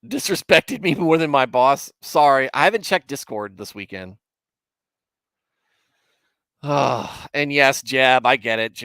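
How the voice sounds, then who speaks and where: A man's voice: mid-range voice, fairly bright tone, smooth, no room sound. A man hosting a casual livestream, chatting with viewers in a rambling, self-mocking way with mock indignation. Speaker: livestream host.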